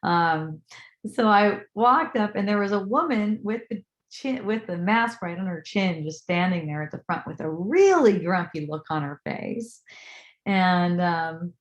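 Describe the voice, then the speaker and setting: A woman telling a personal story in a casual, animated way, acting out what others said and swearing now and then as she draws a life lesson from it. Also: fairly low pitch, unhurried, lo-fi sound. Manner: animated, acts out quoted voices, swears casually. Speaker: spiritual teacher. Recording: echoey room.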